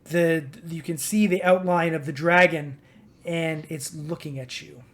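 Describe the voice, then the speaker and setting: A woman running a tabletop game as game master, narrating in a relaxed way with fillers. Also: deep voice, measured pace.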